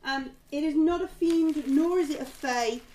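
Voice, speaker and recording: A woman's voice: high voice, moderate pace, a little mellow, a little hiss or hum, low-quality recording. A woman as game master, describing the scene with many hesitant ums. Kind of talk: running a tabletop game.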